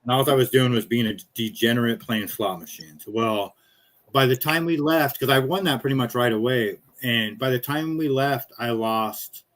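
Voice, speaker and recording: A man's voice: medium pitch, moderate pace, fairly bright tone. A man hosting a casual chat, telling stories in an easygoing, chatty way. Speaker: podcast host.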